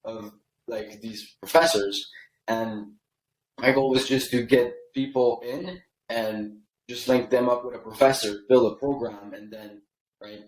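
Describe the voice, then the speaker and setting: A man's voice: mid-range voice, fairly even intonation, unhurried, reverberant, low-quality recording. A man from Canada, a podcast guest, telling his story in a casual, rambling way and often tagging lines with "right?". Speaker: podcast guest, email copywriter.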